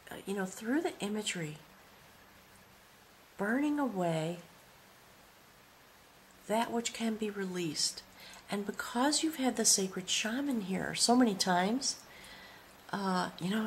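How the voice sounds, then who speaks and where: A woman reads tarot cards aloud with hushed reverence, her voice sometimes sinking to a whisper. Her pitch sits in the middle of the usual range. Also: slight background noise. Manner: awed and reverent, dropping to soft whispers. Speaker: tarot reader. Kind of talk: spoken tarot reading.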